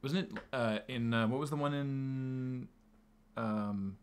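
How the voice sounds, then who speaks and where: A man's voice: medium pitch, takes it slowly, clean tone. A man co-hosting a stream aftershow, playful and casual, reading out subscriber thanks. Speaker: stream co-host. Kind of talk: casual chat.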